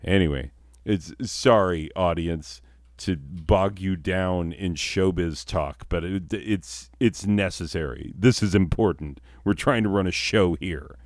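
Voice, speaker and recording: A man's voice: low voice, unhurried, no echo, studio quality. A man hosting a comedic mock TV show, grumbling sarcastically at his off-screen crew. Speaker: comic show host. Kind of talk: comedic mock TV-host monologue.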